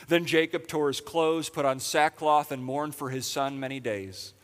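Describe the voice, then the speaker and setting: A man preaches a sermon in a relaxed, conversational way, breaking in with dry, sarcastic asides. His voice sits a little high for a man. A long reverb trails after him in a big church hall. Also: moderate pace, few pauses. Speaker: pastor.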